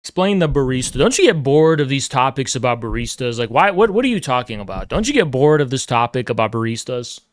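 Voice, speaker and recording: Male streamer, aggressive, profane, lecturing chat, smooth clear voice, dry close mic. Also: medium pitch, very animated, fast, few pauses, dry recording. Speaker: livestreamer. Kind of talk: heated livestream rant to chat.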